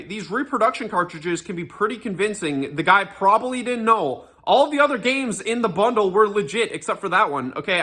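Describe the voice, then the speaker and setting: Young male ranter, bright and lively delivery, sneering sarcasm, swears freely, casual commentary. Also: sits high. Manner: sarcastic, profane, mocking, with frequent fillers and restarts.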